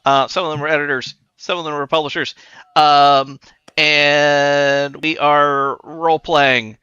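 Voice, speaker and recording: A man's voice: a little high, flat delivery, a little slow, pushed and bright, clean tone, dry recording. A man hosting a stream who chats casually and hesitantly, with many fillers. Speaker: stream host. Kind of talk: casual chat. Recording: dull lo-fi audio.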